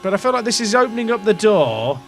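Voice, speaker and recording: A man's voice: sits high, sing-song, fast talker, a little hiss or hum. A young English man casually commentating a racing management game, rambling and questioning himself as he talks to his chat. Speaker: gaming streamer.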